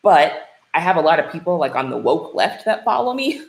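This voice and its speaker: A woman's voice: low-pitched, big pitch swings, normal speed, creaky. A woman teacher from Minnesota, a guest in a casual interview, talking candidly with lots of "like". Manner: candid and conversational, peppered with "like". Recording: roomy echoey room.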